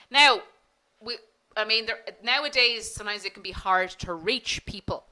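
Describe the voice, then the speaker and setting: A woman's voice: mid-range voice, moderate pace, pushed and bright, rough recording. A woman teaching an online business English class, polite and encouraging, acting out example phone phrases.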